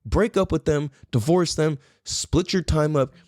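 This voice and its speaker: A man's voice: on the high side, measured pace, warm tone, dry recording, studio quality. A male podcast host delivering a heated solo rant, blunt and profane, lecturing the listener with commands and rhetorical questions. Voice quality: profane, blunt, repetitive emphatic phrasing.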